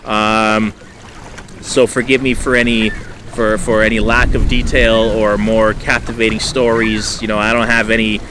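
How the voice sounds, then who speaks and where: A man from Canada telling a fishing story to camera by a lake shore, rambling with many fillers and getting loud and high-pitched when excited. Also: measured pace, background noise. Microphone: camera mic.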